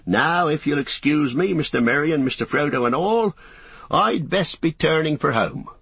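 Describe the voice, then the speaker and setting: A blunt, kindly hobbit farmer with a rustic country dialect, as a male narrator puts him on. The voice sits well above the narrator's own and comes out loud and hearty, in a dry, close audiobook reading. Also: fairly high pitch, expressive, normal speed, vocal fry, slightly rough, no room sound, pitched above the performer's own voice, full character voice. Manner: country dialect, plain-spoken. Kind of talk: audiobook character voice.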